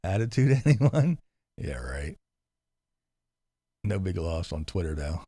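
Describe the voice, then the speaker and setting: A man's voice: sits low, big pitch swings, slow pace, mellow, breathy edge, no room sound. A man hosting a casual livestream, reading comments and answering with rambling, sarcastic asides, speaking close into a desk mic. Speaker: livestream host. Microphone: close desk mic with headphones.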